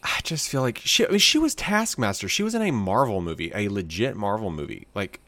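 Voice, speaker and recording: Low-voiced guy rambling on a podcast, playful, trips over his words, dry sound. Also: big pitch swings, brisk, sharp tone, no echo. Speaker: podcast co-host. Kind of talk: casual chat.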